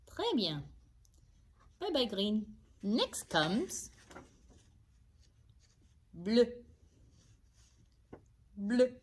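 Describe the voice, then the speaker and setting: A bright, friendly furry puppet, played by a woman, teaches little ones in a children's puppet show. Her voice leaps up and down in a big sing-song as she stretches each word out very slowly so the kids can copy it. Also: medium pitch, heavily acted. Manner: slow, exaggerated, sing-song repeating for kids. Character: cheerful blue-haired furry puppet teacher.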